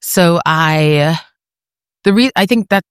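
A woman's voice: on the low side, slow pace, clear, resonant tone, dry recording, studio quality. A woman from New York City, chatting casually and laughing often as a guest, seated at an outdoor eating area on a market street. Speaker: guest, food podcaster. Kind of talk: casual conversation.

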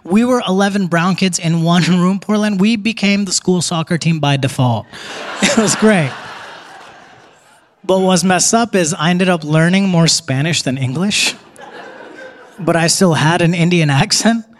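A young man doing a stand-up set in a theater, chatty and quick, slipping into put-on voices for quotes. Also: high-pitched. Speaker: stand-up comedian. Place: theater stage before a live audience. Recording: live theater with crowd noise.

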